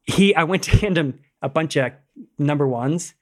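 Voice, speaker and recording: A man's voice: a little high, moderate pace. A man who is a rock climber and podcast guest, telling stories in loose casual chat, swearing freely, laughing as he goes, and stringing phrases together with "like.". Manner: loose, rambling phrasing full of "like".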